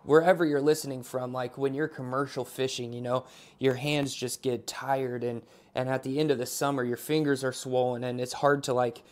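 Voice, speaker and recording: A man's voice: medium pitch, level tone, moderate pace, darkish tone. A man preaching an online sermon in a casual, conversational way, opening with a spoken prayer. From Alaska. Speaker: pastor.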